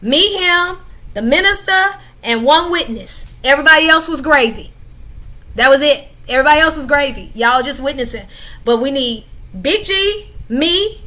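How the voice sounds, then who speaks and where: A woman hosts a casual panel chat with a high, bright voice. She is emphatic and lively and laughs often as she makes her points. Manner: talks in a casual conversational way. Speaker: host.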